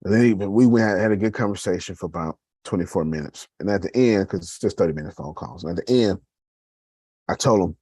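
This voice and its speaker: Man, husky low voice, dry close sound, casual motivational monologue, calls the audience y'all. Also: fairly quick, a little mellow, dry recording. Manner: conversational, addresses listeners as y'all, rambling with restarts. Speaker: business owner giving a motivational talk.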